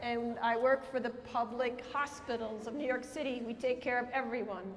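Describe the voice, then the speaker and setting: After her stand-up set in a prison hall, the comedian, a woman from Minnesota and Colorado, takes audience questions and echoes them back aloud while chatting. She speaks at a moderate pace with a fairly high, steady voice. The hall is echoey and full of people, and a faint hiss or hum runs underneath.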